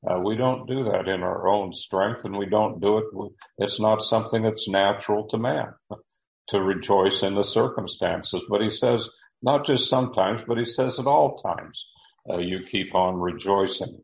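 A man giving a deliberate verse-by-verse Bible teaching, with frequent fillers and repeated words. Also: fairly low pitch, gravelly, echoey room, dull audio.

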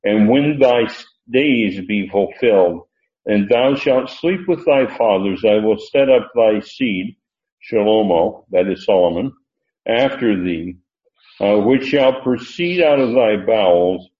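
A man teaching a Bible lesson, reading verses slowly and stressing key words, with frequent "uh" pauses. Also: on the low side, animated. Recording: roomy lo-fi recording.

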